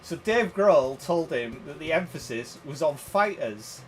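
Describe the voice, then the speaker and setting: Giggly man, lively voice. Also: fairly high pitch, a little slow, a little hiss or hum, low-quality recording. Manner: giggly rambling storyteller. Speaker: game streamer. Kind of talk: casual banter. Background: game music.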